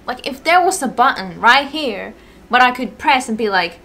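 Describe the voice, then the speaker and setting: Tired woman vlogger rambling, lots of like and swearing, kinda high bright voice. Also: animated, normal speed. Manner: rambling, full of "like", swears often. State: mentally exhausted. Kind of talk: casual ranting Q&A to camera.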